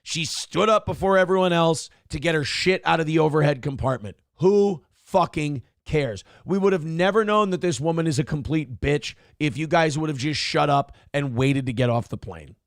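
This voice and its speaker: Sarcastic swearing host guy, high gravelly voice, dry close sound. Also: normal speed, hardly any pauses, dry recording. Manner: sarcastic, swears heavily, rants. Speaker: morning show host. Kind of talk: profane commentary on a viral video.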